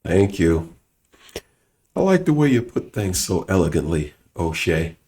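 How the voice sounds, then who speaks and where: Deep gravelly man, sarcastic. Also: big pitch swings, measured pace, dark tone. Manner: sarcastic, scolding. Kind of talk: mocking reaction commentary.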